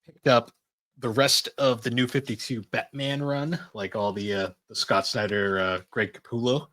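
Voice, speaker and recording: A man's voice: mid-range voice, fairly even intonation, normal speed, fairly bright tone, dry recording. A young adult man co-hosting a podcast in casual chat, rambling and swearing freely. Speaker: podcast co-host.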